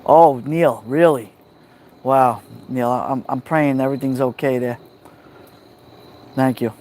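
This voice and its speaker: A man with a New York accent hosting a relaxed livestream from a backyard fire pit at night, greeting viewers by name on a phone. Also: mid-range voice, takes it slowly, slight background noise. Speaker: livestream host. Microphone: phone held near the fire.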